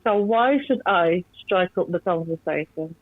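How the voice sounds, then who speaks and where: A woman's voice: lowish voice, measured pace, a little hiss or hum. Dry Black Country woman caller. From Black Country, England. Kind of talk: casual phone-in chat. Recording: dull lo-fi call line.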